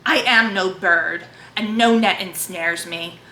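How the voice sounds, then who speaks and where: A woman's voice: mid-range voice, takes it slowly, pushed and bright, slight background noise. A woman reading as a defiant young governess. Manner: firm impassioned reading. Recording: echoey room.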